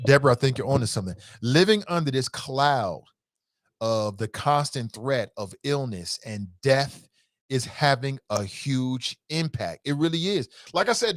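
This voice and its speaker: A man hosting a casual call-in talk show, reading out listener comments and reacting with emphatic, animated commentary and frequent repetition. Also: on the high side, dry recording, clean studio sound. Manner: animated, emphatic, rises sharply when incredulous; conversational, repeats himself for emphasis.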